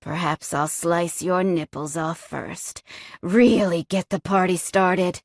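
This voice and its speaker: A cruel, sneering male kidnapper growls his threats in a slow, low voice from an audiobook, as a woman reader puts him on. The sound is close and dry. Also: fairly even intonation, no echo. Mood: menacing.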